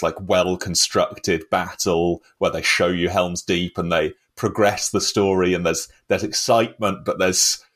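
A man co-hosting a casual film review chat, wry and rambling, laughing often. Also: low-pitched. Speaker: podcast co-host.

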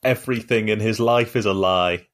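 A man's voice: lowish voice, moderate pace. A man hosting a casual film club chat over a video call, joking wryly and sarcastically. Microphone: laptop microphone on a video call.

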